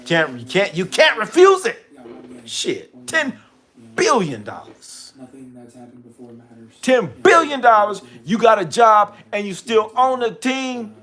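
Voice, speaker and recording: A man hosting a casual sports talk show, telling stories with lots of repetition and acting out gruff back-and-forth dialogue. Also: high voice, slow, pauses often. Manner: animated storytelling, acts out deals with gruff voices; repeats himself, restarts.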